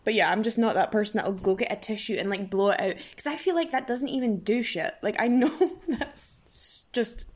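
A woman hosts her own podcast solo, chatting casually in a loose, rambling, giddy way. She giggles, mocks herself and sounds a bit bashful, talking quickly at a medium pitch with few pauses. Being sick, she has a stuffed nose and a rough throat.

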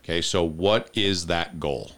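A low-pitched man hosting a casual podcast discussion. He talks through things methodically, keeps steering back to defining terms, and laughs easily along the way. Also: measured pace, fairly bright tone. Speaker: podcast host. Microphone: headphones with studio mic.

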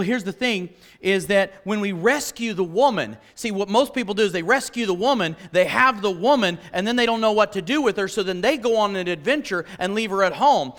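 High-voiced pastor in a reverberant hall. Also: male voice. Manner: animated storytelling, acts out his own reactions. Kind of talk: sermon shared with his wife.

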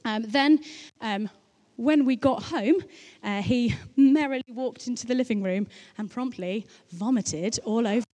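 A woman's voice: on the high side, measured pace, mellow. A woman giving a sermon in a chatty, anecdotal way, with playful asides between her points. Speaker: preacher. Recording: long reverb of a large hall.

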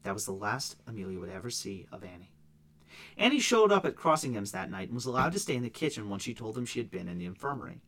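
A man co-hosts a casual true-crime podcast. He reads through case notes at a brisk clip with plenty of swing in his pitch and drops in quick offhand asides. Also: big pitch swings, a bit bright. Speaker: podcast co-host.

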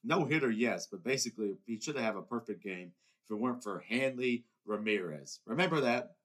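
A man's voice: medium pitch, expressive, fairly quick, a bit bright. Heated, rambling young man ranting solo. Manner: rambling and heated, many restarts. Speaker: podcast host. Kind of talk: casual solo monologue.

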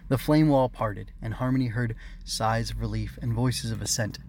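A man, the author, narrating his own story in a steady, measured audiobook reading. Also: medium pitch, slight background noise.

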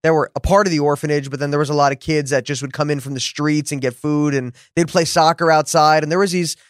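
A man's voice: a little high, steady tone, quick pace, dry recording, clean studio sound. A man hosting a podcast, chatting casually, affirming his guest and telling a story. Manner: affirming, lots of mm-hmms, storytelling. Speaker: podcast host. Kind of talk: casual conversation.

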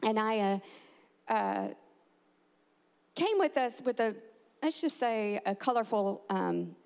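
A mother telling a family story, animated and acting out the quotes with big jumps in pitch. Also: takes it slowly, creaky, smooth. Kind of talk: personal storytelling. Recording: long hall reverb.

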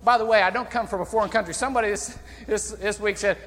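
A man from Indiana preaching a sermon as pastor, folksy and animated, with sudden loud outbursts. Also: high voice, quick pace. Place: church sanctuary. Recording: long church reverb.

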